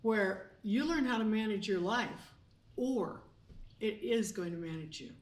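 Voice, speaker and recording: A woman's voice: medium pitch, animated, measured pace. A woman hosting a casual talk show with her husband, chatty and acting out little everyday dialogues. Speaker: host. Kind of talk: casual chat. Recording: echoey room, mic at a distance.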